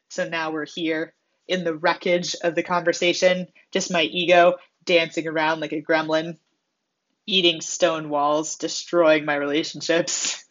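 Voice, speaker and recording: Expressive woman giving a motivational talk, lo-fi. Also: low voice. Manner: expressive, acts out quoted voices with self-mocking humor. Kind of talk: motivational monologue. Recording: slightly dull lo-fi sound.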